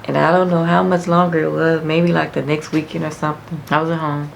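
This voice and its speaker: Low, gravelly woman telling a story. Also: flat delivery, fairly quick, slight background noise. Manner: frank, casual, reminiscing. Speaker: vlogger. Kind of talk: personal storytelling.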